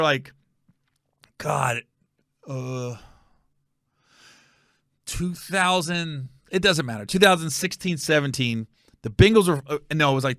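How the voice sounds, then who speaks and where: Male podcast host, slightly high, gravelly voice, dry close sound, rambling self-correcting storyteller. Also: sharp tone, dry recording. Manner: rambling, corrects himself, checks facts aloud. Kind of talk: casual storytelling.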